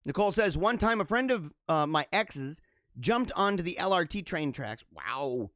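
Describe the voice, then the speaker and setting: Give me a young man chatting with viewers on a livestream, his voice high and lively, full of laughter and rambling asides. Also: normal speed, dry recording, clean studio sound. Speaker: show host reading viewer comments. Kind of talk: casual livestream chat.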